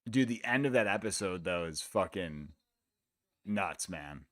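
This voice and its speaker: A man's voice: deep voice, expressive, a little slow, fairly bright tone, no echo, clean studio sound. A man from the United States hosting a live fight watch-along stream, talking in a laid-back, rambling, profane way. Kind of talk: casual chat.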